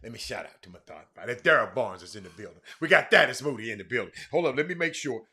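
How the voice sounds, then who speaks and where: Hosting a casual sports talk live stream, a man chats loosely and shouts out viewers by name, restarting his sentences often. His medium-pitched voice is lively, fast, and barely pauses.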